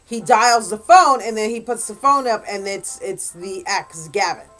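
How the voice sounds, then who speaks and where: A woman of middle pitch chats her way through a book's plot as a guest reviewer. She rambles loosely and leans on filler words. Faint music plays softly behind her. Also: lively intonation, a little slow. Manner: rambling retelling full of "like" and "blah, blah". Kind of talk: casual spoken book recap.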